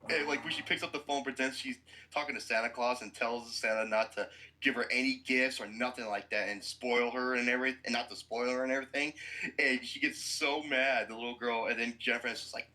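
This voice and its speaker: A man's voice: medium pitch, steady tone, fairly quick, bright, forceful tone, rough recording. A man hosting a podcast who gives a blunt, profane movie review with explosive outbursts.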